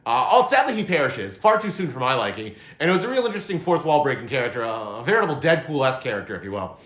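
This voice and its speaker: A man's voice: medium pitch, very animated, rapid-fire, fairly bright tone. A man hosting his own movie review channel, talking casually and meandering, with many filler sounds and restarts. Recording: roomy echo.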